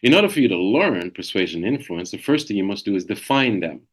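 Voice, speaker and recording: Animated middle-aged man coaching. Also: lowish voice, fast. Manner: emphatic, animated, repeats key phrases. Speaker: sales coach. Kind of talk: energetic coaching webinar. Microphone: video call.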